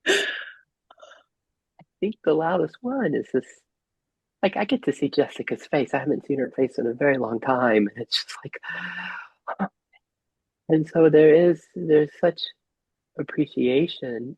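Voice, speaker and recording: Husky man guiding a reflective group. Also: a little high, expressive, normal speed, no room sound, lo-fi sound. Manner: gentle, inviting questions. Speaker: group facilitator. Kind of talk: guided reflective facilitation. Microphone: video call.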